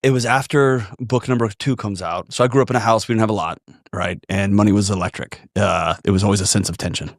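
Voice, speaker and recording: Earnest low-voiced man telling a story. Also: quick pace, no echo, clean studio sound. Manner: earnest, animated storytelling with shouted quotes. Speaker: podcast guest. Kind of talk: storytelling conversation.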